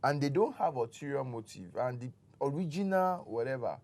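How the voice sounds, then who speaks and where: A man's voice: medium pitch, expressive, fairly quick, darkish tone. A man, a real estate expert on a talk show, patiently explaining step by step with examples.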